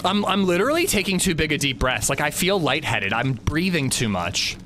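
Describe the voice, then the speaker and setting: A man's voice: a little high, sing-song, moderate pace, background noise. A man streaming a game live, nervously talking himself through a tense climb. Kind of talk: live gameplay commentary.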